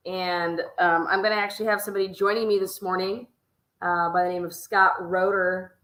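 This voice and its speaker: A woman's voice: lowish voice, flat delivery, fairly quick, a bit bright. A woman hosting a live stream in a playful, hyped-up, casual way, cheering her viewers on. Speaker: livestream host. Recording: echoey room.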